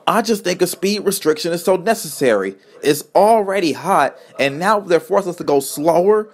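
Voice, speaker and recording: A man's voice: a little high, wildly swooping pitch, measured pace, darkish tone, husky, heavily acted. A man doing a grumpy engine. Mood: grumbling. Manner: grumbling, cross. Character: grumpy impatient male steam engine.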